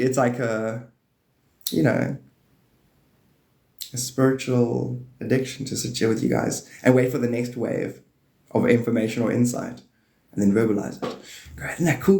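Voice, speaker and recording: A man hosting a live stream, rambling playfully about spirituality and now and then jumping into high excited bursts. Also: gravelly. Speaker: livestream host. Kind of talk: rambling spiritual livestream talk. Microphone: phone or desk mic on a live stream. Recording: echoey room.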